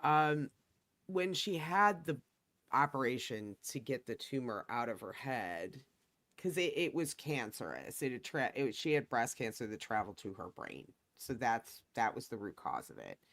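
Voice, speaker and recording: A stream host speaking thoughtfully in a casual chat, pausing and restarting often. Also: mid-range voice, sing-song, fairly bright tone, no echo. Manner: thoughtful, halting, with many restarts.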